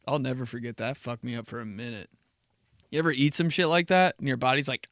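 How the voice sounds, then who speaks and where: A man's voice: mid-range voice, quick pace, a bit bright, no echo, clean studio sound. A man hosting a casual solo podcast, telling stories in a laid-back, profane way with frequent laughs. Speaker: podcast host.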